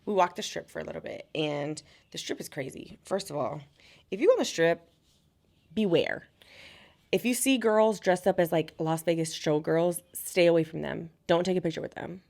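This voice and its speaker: Brief: young woman vlogger, casual storytime chat, lively quoting, vocal fry. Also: lowish voice, normal speed. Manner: chatty, animated quoting of others. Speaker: beauty vlogger.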